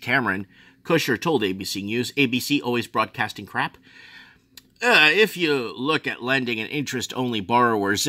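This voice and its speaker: A man from Australia reading finance news aloud and ranting about it, sarcastic, swinging from low muttering to mocking high outbursts. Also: bright, forceful tone, dry recording. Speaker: finance commentator.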